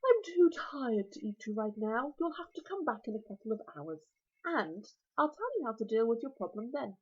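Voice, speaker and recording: A woman's voice: on the high side, very animated, normal speed, breathy edge. Woman voicing the Green Death, a smug dragon. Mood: sleepy. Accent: British. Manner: grand, cheerfully menacing. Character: huge, smug, philosophical male dragon. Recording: lo-fi recording.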